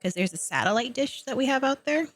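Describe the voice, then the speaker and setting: A woman's voice: high-pitched, lively intonation, quick pace, faint music behind. A woman streamer chatting casually and rambling while playing a story game. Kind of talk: casual let's-play commentary. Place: home streaming setup.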